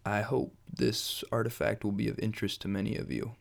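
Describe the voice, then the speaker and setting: A young man casually introducing a track he made, unhurried and self-mocking, groping for words. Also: on the low side, level tone, vocal fry. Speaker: home musician introducing his track.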